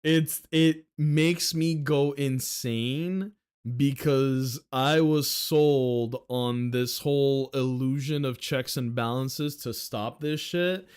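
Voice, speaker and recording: A man's voice: mid-range voice, slow pace, darkish tone, smooth. A young man from the Philadelphia area ranting sarcastically on a livestream at a desk mic, profane and exasperated.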